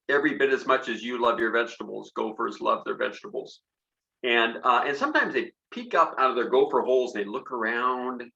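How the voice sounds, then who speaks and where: A man with a bright, forceful voice reads his own poems to young children, playful and encouraging as he invites them to join in. The recording from an online concert sounds slightly dull and lo-fi. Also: lowish voice. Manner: playful and encouraging, leading the audience in sound effects. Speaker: children's poet and songwriter performing for families. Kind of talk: interactive poetry reading for children.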